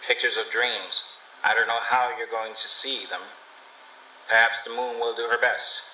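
A wry, mocking wanderer who talks dryly and bluntly in a storybook tale, as a male reader voices him. His tone is bright and sharp, lifted a little above the reader's own, heard from a distance in an echoey room. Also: mid-range voice, fairly even intonation, moderate pace, highs cut off, slight background noise. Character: wry, mocking wandering dream-seller man.

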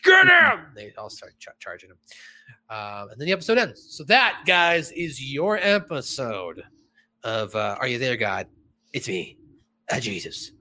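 A man's voice: medium pitch, unhurried. A man casually recapping a cartoon episode, laughing and acting out lines from it. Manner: animated, laughing, acts out character lines. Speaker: podcast host.

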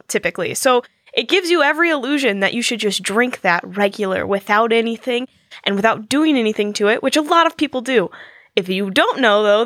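A woman's voice: fairly high pitch, bright, forceful tone, dry recording, studio quality. A woman in casual podcast chat, wry and explaining things to listeners. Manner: wry, explaining fun facts. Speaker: podcast player.

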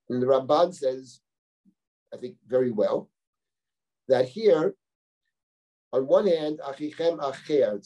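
A male rabbi teaching a live Bible class, reading verses slowly and then explaining them step by step. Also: medium pitch, dark tone, recorded from a distance, low-quality recording. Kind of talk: live lecture, close textual reading.

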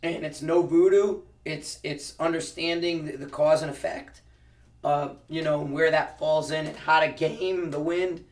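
A man's voice: on the high side, steady tone, unhurried, recorded from a distance. A man who teaches precision rifle shooting, answering interview questions casually and explaining with practical analogies, often restarting his sentences.

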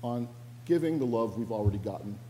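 Guy giving a sermon, mellow darker voice, big echoey church sound, storytelling with little asides. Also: medium pitch, lively intonation, a little fast, a little hiss or hum. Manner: storytelling, with self-corrections and asides. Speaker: pastor. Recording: long reverb of a church hall.

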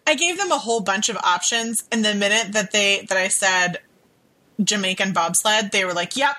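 A woman co-hosting a casual podcast, joking and sarcastic as she chats. Her voice is bright and ringing, with a mid pitch. She sounds like she is in her thirties. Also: normal speed. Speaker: podcast co-host.

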